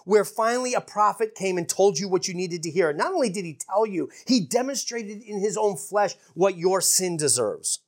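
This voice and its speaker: A woman preaching a sermon in an earnest, emphatic way, dropping to hushed asides for effect. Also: medium pitch, animated, moderate pace, few pauses.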